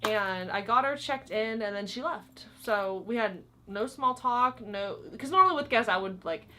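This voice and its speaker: A young woman with a fairly high, bright, forceful voice speaks at a moderate pace over slight background noise. Vlogging casually to camera, she recounts work stories from her old job, chatty and full of "um" and "like."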